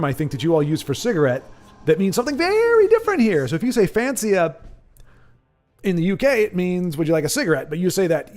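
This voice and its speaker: A man's voice: a little high, a little mellow. A man hosting a livestream, chatting casually and jokingly with viewers, often correcting himself as he rambles. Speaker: livestream host.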